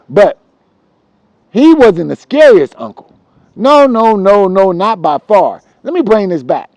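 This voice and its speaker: A man telling street stories from his childhood in a casual, profane, animated way, repeating himself for emphasis. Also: high-pitched, gravelly, no echo, rough recording. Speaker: storyteller.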